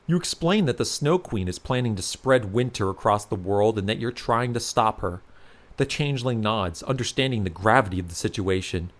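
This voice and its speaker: A man narrating a second-person fantasy adventure story aloud, in an expressive reading style. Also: lowish voice, moderate pace.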